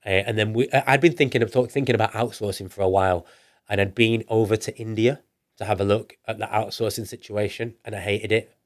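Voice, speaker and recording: A man's voice: fairly low pitch, steady tone, fast talker. A man with a northern English accent, a business guest telling his story in a casual podcast interview, rambling along with restarts and acting out the things people said to him. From northern England. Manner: rambling, with restarts and acted-out quoted dialogue. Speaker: entrepreneur guest.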